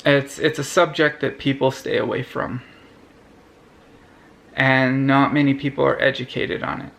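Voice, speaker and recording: A young man vlogger telling a personal story to camera in an earnest, halting way, often restarting his sentences. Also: mid-range voice, level tone, vocal fry, fairly bright tone.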